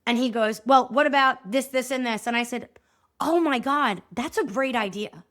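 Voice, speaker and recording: High-voiced woman telling a story. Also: normal speed. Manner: animated, acts out both sides of dialogues. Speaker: podcast host and movement coach. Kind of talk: storytelling monologue.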